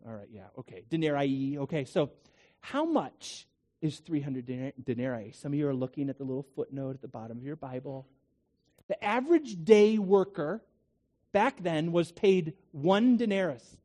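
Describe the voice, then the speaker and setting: A man's voice: fairly high pitch, expressive, moderate pace, dark tone. A man preaching a sermon to a congregation, talking in a conversational way with rhetorical questions and asides. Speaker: pastor.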